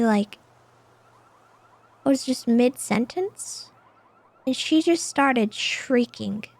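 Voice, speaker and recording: A woman in her thirties in a roleplay game, telling what happened in a hesitant, halting way. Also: sits high, a little mellow, dry recording. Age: 30s. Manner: hesitant, repeats words while telling. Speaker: streamer and roleplay player. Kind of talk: in-character recounting in a game.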